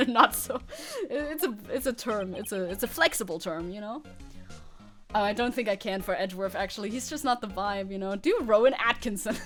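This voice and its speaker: A young woman streaming a game, chatting casually with her chat and laughing often. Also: mid-range voice. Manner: giggly, chatty, quick to laugh. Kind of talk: casual gameplay commentary.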